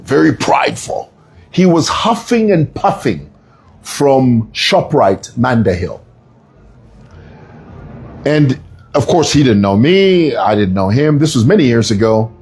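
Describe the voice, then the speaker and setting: A man giving casual political commentary, emphatic and animated, telling stories with frequent asides. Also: mid-range voice, breathy edge. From Zambia.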